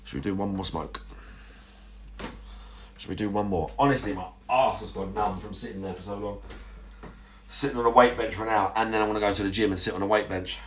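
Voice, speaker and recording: A man's voice: on the low side, fairly quick, long pauses, a little hiss or hum. A young man chatting casually on a livestream, rambling and crude, with lots of restarts and self-mocking asides.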